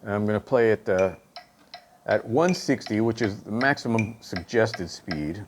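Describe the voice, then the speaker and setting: This drum instructor's voice sits on the low side, animated but measured, with noise in the background. He walks through stick technique by counting and calling out stickings aloud, pausing after each point to ask "okay?"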